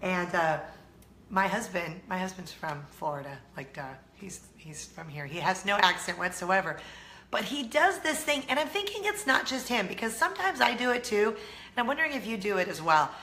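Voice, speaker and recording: A woman's voice: mid-range voice, big pitch swings, moderate pace, sharp tone, echoey room, slight background noise. A middle-aged American woman hosting a casual chatty vlog, bubbly and self-teasing, laughing often. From United States. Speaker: vlog host.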